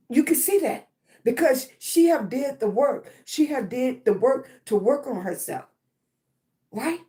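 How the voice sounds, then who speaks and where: A woman with a high, animated, warm voice speaks slowly on a motivational live stream about self-love. She is congested in the chest and keeps clearing her throat, and she repeats herself, constantly asking "right?".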